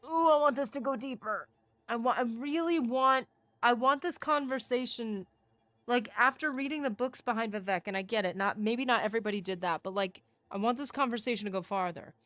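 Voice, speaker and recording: Excitable woman gaming streamer. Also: fairly high pitch, a little fast, no room sound. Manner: animated, excitable, chatty with chat. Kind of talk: casual livestream chat.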